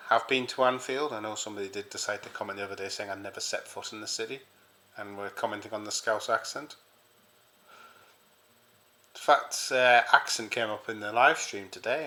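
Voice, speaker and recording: A man's voice: lowish voice, pushed and bright. An English man from the south coast, hosting his own fan channel and chatting casually to camera in a rambling way that often restarts sentences. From south coast of England.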